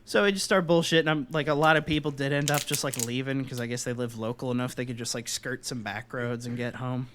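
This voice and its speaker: A man's voice: mid-range voice, steady tone, fast, few pauses, a bit bright, a little hiss or hum. A young man co-hosting a podcast, telling a long party story in a loose, profane way and acting out the voices of the people in it. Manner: loose and profane, acts out voices in his stories. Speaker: podcast co-host. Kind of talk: casual storytelling.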